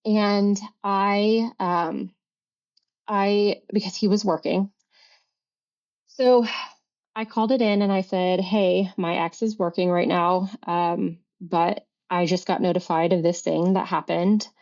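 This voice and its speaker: A middle-aged woman, a podcast guest, telling a personal story in an earnest, halting way with many restarts and fillers. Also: medium pitch, fairly even intonation, darkish tone. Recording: dull lo-fi recording.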